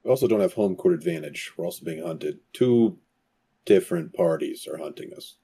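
A man's voice: low voice, lively intonation, a little fast, mellow, slightly rough. A man playing in a tabletop game, speaking bluntly and matter-of-factly. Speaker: player. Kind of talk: casual tabletop game talk.

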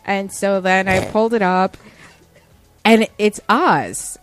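A woman's voice: medium pitch, slow. A woman in her thirties casually telling a story, mimicking the people in it with lots of "like" fillers. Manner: animated, acts out customers in quoted voices, many "like" fillers. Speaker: podcast co-host telling a retail story.

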